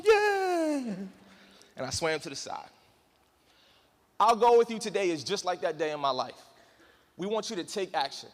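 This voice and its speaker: A man telling a story to a crowd as a motivational speaker, his high, bright voice leaping all over the place as he acts out the scenes. The sound rings with the long reverb of a big hall. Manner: dramatic, acts out voices and screams, addresses crowd as y'all. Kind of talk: animated storytelling speech to an audience. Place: large hall in front of an audience.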